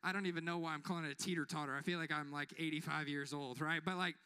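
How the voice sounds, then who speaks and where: Bright high-voiced man preaching. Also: fairly even intonation, fast talker, clear, resonant tone. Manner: conversational, joking, asks the crowd for amens. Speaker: pastor. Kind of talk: sermon.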